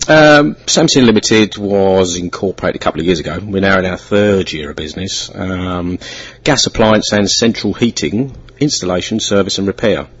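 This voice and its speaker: A man's voice: deep voice, normal speed, breathy edge, dull audio. A young man as a radio studio guest, speaking plainly and matter-of-factly about his business. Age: young adult. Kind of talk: radio interview.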